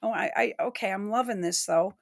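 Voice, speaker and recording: A woman's voice: mid-range voice, fairly quick, creaky, noisy background. A woman giving blunt, profane and emotional commentary while reacting to news clips. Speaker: online commentator.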